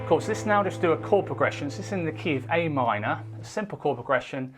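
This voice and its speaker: A man teaching a casual guitar lesson, talking in a relaxed way and counting beats out loud while he strums. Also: on the high side, fairly quick. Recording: faint guitar playing behind.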